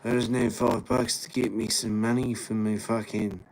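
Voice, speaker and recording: A man putting on the voice of a pleading male street beggar, wheedling and insistent with a drawn-out slangy whine. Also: lowish voice, little pitch movement, a little mellow, natural voice, rough recording.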